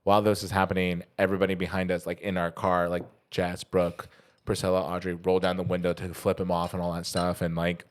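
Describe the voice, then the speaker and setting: A man's voice: low voice, fairly quick. A young man from California co-hosting a casual podcast chat, telling stories with acted-out quotes and frequent swearing. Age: young adult. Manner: animated storyteller, acts out quotes, swears freely. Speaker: podcast co-host.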